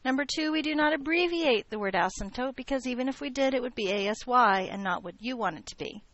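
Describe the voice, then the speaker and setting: A woman's voice: sits high, animated, quick pace, a bit bright, no room sound, dull audio. A woman teaching a math class, joking with her students as she lectures.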